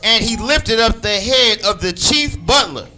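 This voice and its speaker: A man reading scripture aloud, slowly and deliberately. His pitch is high and moves around a lot, and his tone is very bright and sharp. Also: expressive, poor audio. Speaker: scripture reader.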